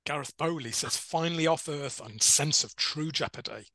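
A man's voice: fairly high pitch, moderate pace, bright, forceful tone, no echo. A man co-hosting a podcast, reading listener reviews aloud with dry, teasing remarks. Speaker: podcast co-host.

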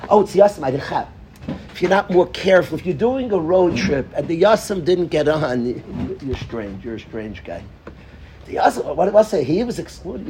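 A man, a yeshiva rabbi, giving an informal Torah lesson to students, animated, acting out little dialogues, calling on students by name and repeating phrases for emphasis. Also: fairly high pitch, a little hiss or hum.

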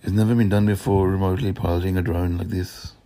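A man in a profane, rambling monologue that jumps between topics and swings between loud outbursts and low mutters. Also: level tone, fast talker.

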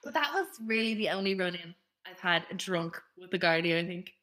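A woman's voice: on the low side, expressive, brisk, a bit bright. A young Irish woman co-hosting a podcast, chatting casually, swearing freely and telling stories with plenty of laughs. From Ireland. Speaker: podcast co-host. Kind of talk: casual chat.

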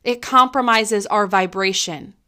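A middle-aged woman hosts a podcast, thinking aloud in a gentle, earnest, reflective monologue with frequent restarts. Her voice is mid-range and unhurried.

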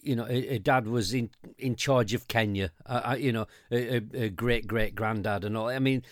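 A man's voice: mid-range voice, moderate pace, no echo, clean studio sound. An English man co-hosting a podcast, ranting in casual chat, swearing and stumbling over restarts while mocking the people he quotes. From England. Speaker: podcast co-host.

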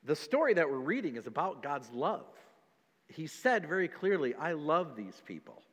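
The sound is big and roomy with the highs cut off as a pastor in a church hall delivers his sermon in a sing-song, somewhat high voice at normal speed. He voices the doubters from the story and reads scripture in archaic wording.

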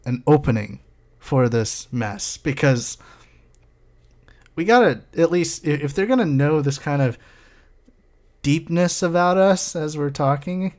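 A man's voice: a little high, animated, measured pace, long pauses, darkish tone. A young man co-hosting a casual podcast, talking in a rambling, laid-back way. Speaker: podcast co-host. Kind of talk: casual chat.

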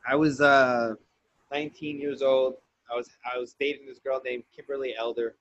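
A man's voice: medium pitch, moderate pace, dry recording, highs cut off. A man telling a story in casual podcast chat, swearing freely and acting out the lines he quotes. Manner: profane, animated storyteller who acts out quotes.

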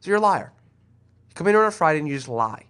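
Brief: male co-host, rapid-fire delivery, teasing and excitable, casual chat. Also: on the high side. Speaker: podcast co-host.

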